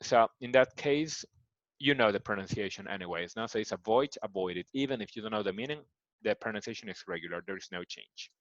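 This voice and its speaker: A man from Mexico with a Mexican Spanish accent, teaching an online English lesson and patiently repeating words slowly to model their pronunciation. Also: fairly low pitch, lively intonation, dry recording, highs cut off. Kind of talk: recorded online grammar lesson.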